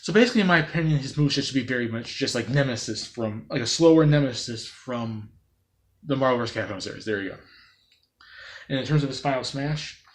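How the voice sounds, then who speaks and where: An excitable man rambles through an off-the-cuff gaming commentary. He circles back on himself with plenty of fillers and restarts, and now and then breaks into loud, playful sound effects. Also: mid-range voice, fast. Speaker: gaming video creator.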